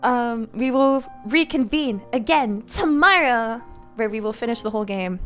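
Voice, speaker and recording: A woman's voice: fairly high pitch, expressive, normal speed, faint music behind. A tired young woman streamer chatting casually, rambling with lots of fillers and laughs.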